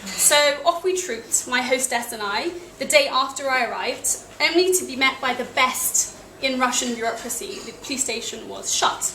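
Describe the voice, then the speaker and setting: A young British woman with a high voice tells a travel story to a live audience, wry and self-deprecating. She is heard in an echoey cafe room with a steady noisy hum behind her. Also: moderate pace, few pauses. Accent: British English. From England.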